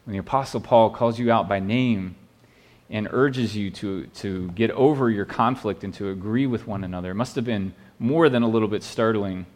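A man's voice: lowish voice, moderate pace, darkish tone. A man preaching a sermon as a pastor, earnest and pleading, often restarting his words and checking in with "right?".

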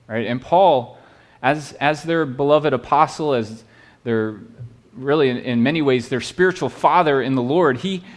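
A man preaching a sermon as a pastor, earnest and pleading, often restarting his words and checking in with "right?". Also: medium pitch.

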